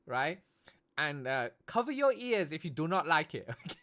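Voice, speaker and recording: A man from Britain hosts a relaxed live stream, talking straight to his viewers. He keeps tagging "okay?" onto nearly every phrase. His voice sits a little above the usual male range. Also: fairly high pitch, normal speed. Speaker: livestream host and esports commentator. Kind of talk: casual live-stream chat.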